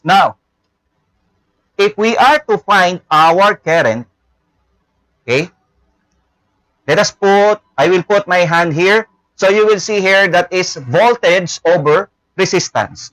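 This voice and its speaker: A man's voice: a little high, a bit bright, dry recording, poor audio. Filipino teacher, man, leans on "no?" and "okay?", dry close sound. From Philippines. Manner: repeats words, tag questions "no?" and "okay?". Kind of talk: classroom lecture. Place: classroom.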